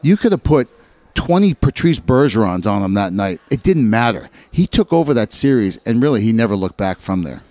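A lowish, fairly quick voice with no room sound belongs to a middle-aged man who once played hockey. He tells locker-room stories casually and with animation, voicing the people he quotes.

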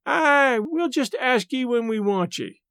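A man's voice: very high voice, lively intonation, measured pace, fairly bright tone, smooth, dry recording, studio quality, pitched above the performer's own voice, exaggerated voice. A man putting on a gaunt, surly northern woman. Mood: curt. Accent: Northern English. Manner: curt and forbidding.

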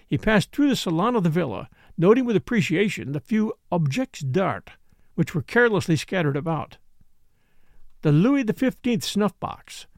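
Man, audiobook narrator, expressive storytelling, slightly high voice, dry close sound. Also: vocal fry, no room sound. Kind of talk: scripted narration.

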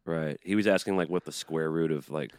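Deep voiced guy cohosting a podcast, deadpan jokes, super dry sound. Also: brisk, smooth, no room sound. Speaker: podcast co-host. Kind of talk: casual comedic chat.

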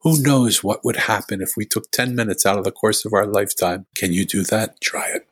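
A man's voice: on the low side, a little fast, fairly bright tone, breathy edge, no room sound. A man, a podcast guest, earnestly retelling a heartfelt story in conversation.

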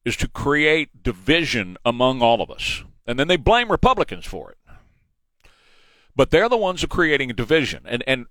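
A man's voice: mid-range voice, a bit bright, no room sound. A man in his forties with a Texan accent, hosting a political talk radio show in an emphatic, opinionated way, repeating points for emphasis. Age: 40s. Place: radio studio. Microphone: studio microphone.

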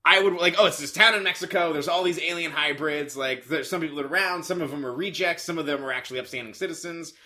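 A man's voice: fairly high pitch, fast talker, few pauses, pushed and bright. A young man co-hosting a casual movie-review chat, rambling and sarcastic, with lots of "like". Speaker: podcast co-host.

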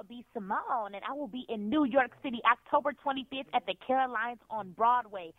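A woman's voice: fairly high pitch, a little fast, dry recording. Hyped woman comedian on a tinny line. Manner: loud, hyped, rambling. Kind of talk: promo read.

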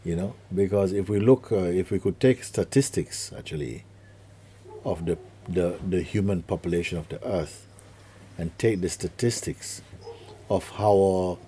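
A middle-aged man gives a spiritual talk to listeners in a very deep, low voice. His tone is dark and mellow. He is unhurried and earnest, and he acts out little quotes and images as he teaches. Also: slight background noise.

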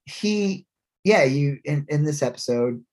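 A man's voice: a little high, expressive, measured pace, a little mellow. A man co-hosting a podcast in casual chat, rambling with many fillers and frequent laughs. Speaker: podcast co-host.

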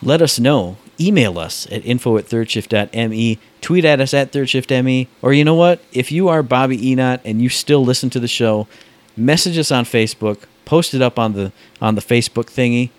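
A man co-hosting a podcast, telling stories in a casual, animated way and laughing often. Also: mid-range voice, a little fast, no echo. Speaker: podcast co-host. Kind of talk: casual chat.

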